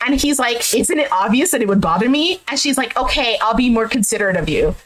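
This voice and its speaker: A woman recapping a dating show episode in a casual, animated way, quoting the cast as she retells each scene. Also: fairly high pitch, fast, rough recording. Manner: retells scenes animatedly, acting out quotes with "he's like". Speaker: recap vlogger. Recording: faint background noise.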